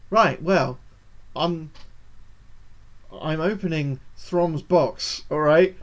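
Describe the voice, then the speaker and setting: A woman playing a game on a charity livestream, reading it aloud and reacting loudly with exclamations and swearing, on dull lo-fi stream audio. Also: sits low, drawn-out words, long pauses.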